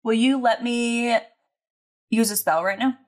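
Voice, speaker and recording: A woman playing a tabletop role-playing game, chatting in an eager, excitable way and swearing casually. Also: on the high side, unhurried. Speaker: player.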